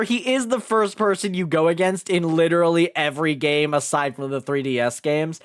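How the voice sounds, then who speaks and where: A man's voice: medium pitch, fairly quick, few pauses, clean tone. A man streaming a game live, chatting casually and swearing a bit, with faint game music behind. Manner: chatty, self-deprecating, swears.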